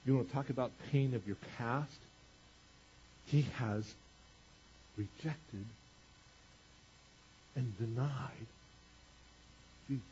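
A man preaching a sermon, retelling a scripture story in casual everyday paraphrase, swinging between loud emphasis and quiet asides. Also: mid-range voice, slow pace, pauses often, lo-fi sound, a little hiss or hum. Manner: conversational, retells scripture in casual paraphrase, varies loudness widely. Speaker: pastor.

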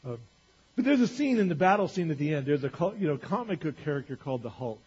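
A male pastor preaching a sermon to a congregation, talking conversationally with rhetorical questions and swinging from loud to quiet. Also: fairly high pitch, very animated, quick pace, husky. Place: church. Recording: dull lo-fi church recording.

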